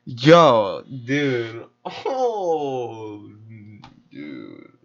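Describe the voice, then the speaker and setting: A young male streamer reacts to a true-crime video in heated, profane, slang-heavy casual commentary, repeatedly saying "dude" and "bro." His mid-range, fairly bright voice swings hugely in pitch and moves very slowly. The lo-fi audio sounds dull.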